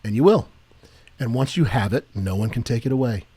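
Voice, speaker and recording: A man co-hosts a Christian talk podcast in a warm, slightly rough mid-range voice, speaking animatedly and a little fast. He chats casually with his co-host about faith, joking with building energy before growing earnest and preachy.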